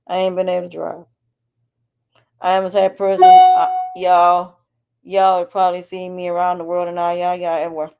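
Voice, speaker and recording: A woman's voice: lowish voice, completely flat delivery, brisk, vocal fry, loud music behind the voice. A woman podcast host with a sore, swollen throat, speaking candidly in a rambling personal update. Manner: candid, rambling, with frequent restarts. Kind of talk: personal health update monologue.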